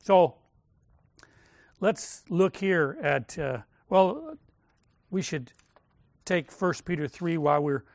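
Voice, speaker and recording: Male preacher, high voice, slow deliberate sermon delivery, emphatic with hushed drops, dry close sound. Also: very animated, no echo. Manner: measured, emphatic, dropping to near-whispers on key words.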